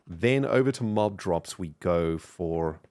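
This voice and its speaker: A man's voice: low voice, expressive, slow pace, slight background noise. A man from South Africa with a mixed South African and British accent, chatting casually on a live game stream and thanking viewers. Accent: mixed South African and British English. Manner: chatty, thanks viewers warmly, rambling with fillers. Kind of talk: casual live-stream chat while gaming.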